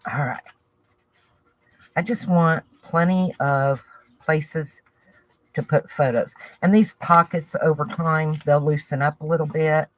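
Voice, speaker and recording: Her voice sits low with fairly even intonation, and she takes it slowly, pausing often, on a rough recording without echo. A woman with a Southern US accent, she chats to viewers and thinks aloud while working on a craft project.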